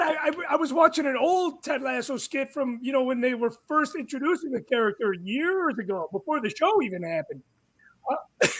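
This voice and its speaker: A man's voice: extremely high pitch, fairly bright tone. A man hosting a podcast in casual chat, playful and quizzing, laughing often. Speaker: podcast host.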